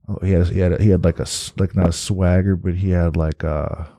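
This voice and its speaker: A man's voice: deep voice, little pitch movement, brisk, warm tone, dry recording, studio quality. A man from New Jersey telling a rambling story as a guest in casual chat, swearing freely. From New Jersey, USA.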